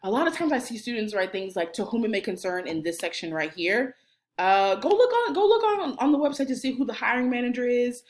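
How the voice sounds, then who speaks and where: Woman, career services director, animated and playful, wide swings in pitch, direct to camera. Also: a little fast. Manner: animated, playful, talks straight to the viewer. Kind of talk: energetic instructional video.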